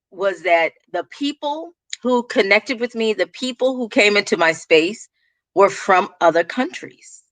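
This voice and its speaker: A woman's voice: mid-range voice, no echo. A woman with a Texas accent, talking about her business as a guest in a casual interview, telling stories with lots of laughter. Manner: animated storyteller, laughs often.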